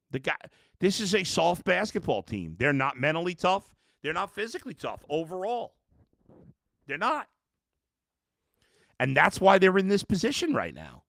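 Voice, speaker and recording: A man's voice: high-pitched, gravelly, a bit bright, no echo, clean studio sound. A man hosting a live sports podcast, worn out and frustrated, talking bluntly with some swearing while reading fan comments. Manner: exasperated, blunt, profane, reads fan comments aloud. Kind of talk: live-streamed sports reaction.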